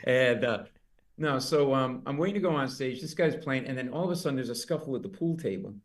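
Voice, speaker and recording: A middle-aged man spinning a comic anecdote in a conversation. He tells it briskly and jumps into loud, high-pitched voices whenever he quotes someone. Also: lively intonation. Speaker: comedian guest. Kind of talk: storytelling in an interview.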